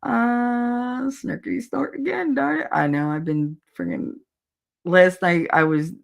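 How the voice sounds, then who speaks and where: A woman's voice: on the high side, fairly even intonation, slow, vocal fry. A woman from New Jersey hosting a casual livestream, reading chat comments, blunt and swearing and often laughing. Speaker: host.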